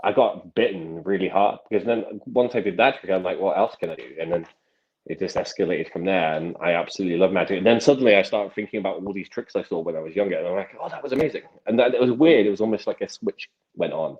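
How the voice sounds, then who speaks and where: A man's voice: low-pitched, fast, highs cut off. A man in his thirties, a magician guest, telling stories in casual interview chat with many restarts and acted quotes.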